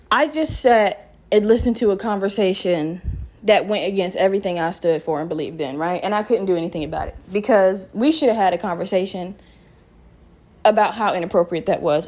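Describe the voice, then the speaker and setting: Profane, animated woman podcast storyteller. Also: medium pitch. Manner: profane, animated, talks straight to listeners. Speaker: podcast host. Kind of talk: casual storytelling.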